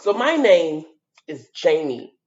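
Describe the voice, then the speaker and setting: Animated woman teaching young children. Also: low-pitched, dull audio. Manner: animated, sounds out letters, repeats words slowly for children. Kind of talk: children's lesson on video.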